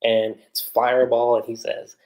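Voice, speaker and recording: A man hosting a livestream, recapping an anime episode in a chatty, animated way, with lots of fillers. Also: mid-range voice, normal speed, poor audio. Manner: animated retelling with frequent fillers. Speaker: anime reviewer.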